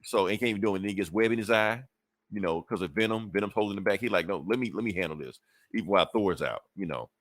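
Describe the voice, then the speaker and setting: A man with a lowish voice, talking loosely through a comic recap on a podcast. He swears freely and circles back with fillers and restarts. The sound is dry and close, with no room around it. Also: rapid-fire, fairly bright tone, dry recording. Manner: rambling, profane, full of fillers and restarts. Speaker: podcast host. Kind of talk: casual comic book recap.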